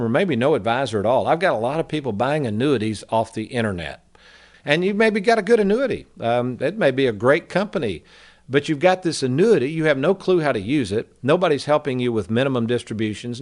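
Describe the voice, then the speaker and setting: A man hosting a radio talk show on finances, giving a folksy, persuasive monologue with stories. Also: mid-range voice.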